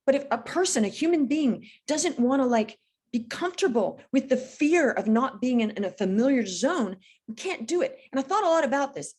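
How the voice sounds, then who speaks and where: A woman in her fifties, a business coach being interviewed, talking in an energetic, emphatic way and telling stories with feeling. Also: high-pitched, moderate pace, breathy edge. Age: 50s. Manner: energetic, emphatic, animated storytelling. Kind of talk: podcast interview.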